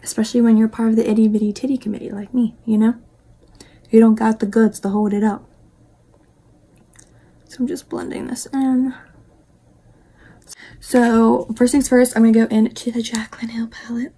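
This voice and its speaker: Husky, gravelly young woman doing makeup. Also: fairly high pitch, steady tone, moderate pace, long pauses, dark tone. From West Virginia, US. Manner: chatty, rambling, self-talk asides, drops into whispers. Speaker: beauty vlogger. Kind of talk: casual makeup tutorial chat.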